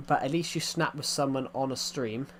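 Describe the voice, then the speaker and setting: A man's voice: mid-range voice, moderate pace, fairly bright tone, slight background noise. A young man from England with an English accent, chatting casually while live-streaming a game, rambling, repeating himself and restarting his sentences.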